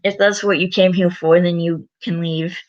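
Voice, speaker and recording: A woman's voice: fairly low pitch, fairly even intonation, moderate pace. Blunt, offhand woman reading aloud. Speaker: storybook reader. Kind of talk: casual read-aloud with asides. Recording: dull lo-fi recording.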